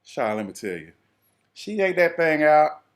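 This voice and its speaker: Animated Southern man telling a story. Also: on the high side, unhurried. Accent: Southern US, Atlanta. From American South. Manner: animated, dialect-heavy, playful exaggeration. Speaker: vlogger. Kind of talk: comic storytelling monologue.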